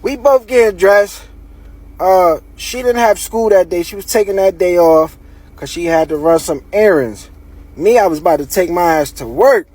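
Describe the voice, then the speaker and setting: A man's voice: high-pitched, normal speed, a little mellow. A man telling a story in a casual, slangy, profane way.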